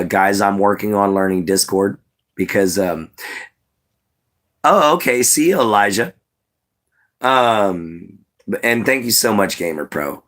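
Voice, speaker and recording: Here a livestream host with a fairly low, slightly bright voice chats straight to his audience, relaxed and sprinkling in lots of "you know"s.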